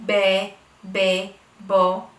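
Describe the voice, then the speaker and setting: A homeschooling mother explaining how she teaches her children to read, speaking slowly and stretching out the letter sounds. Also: medium pitch, completely flat delivery, a bit bright. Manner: slow, deliberate, exaggerates phonics sounds. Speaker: homeschooling parent teaching reading. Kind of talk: instructional talk to camera. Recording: echoey room, voice a bit far from mic.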